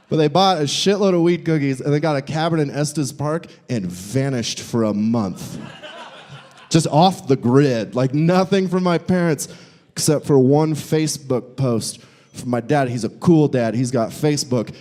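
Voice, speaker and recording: A man's voice: on the high side, moderate pace, dark tone. A young man from the Midwest doing a stand-up set live in a brewery, rambling and swearing, often laughing at his own jokes. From Nebraska. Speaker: stand-up comedian.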